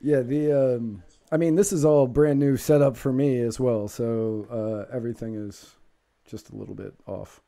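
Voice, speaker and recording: A man hosting a podcast in casual chat, talkative and quick to laugh. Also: medium pitch, steady tone, creaky, dark tone. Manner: chatty, laughs often. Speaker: podcast host.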